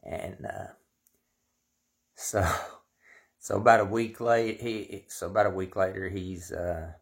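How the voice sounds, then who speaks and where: Slow gravelly drawling man. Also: low voice, steady tone. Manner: slow, drawling, rambling with many fillers. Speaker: storyteller, shop owner. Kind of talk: casual storytelling.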